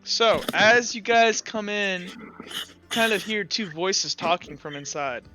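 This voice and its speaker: A man's voice: high voice, slow, bright, forceful tone, faint music behind. A man narrating a tabletop game as game master in a casual, rambling way, laughing easily, in a slightly muffled recording.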